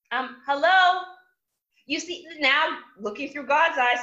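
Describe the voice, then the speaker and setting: A woman's voice: high-pitched, slow pace, bright, forceful tone, muffled recording. A woman hosting a live motivational stream who speaks emphatically and repeats words for force. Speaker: host of a live motivational show.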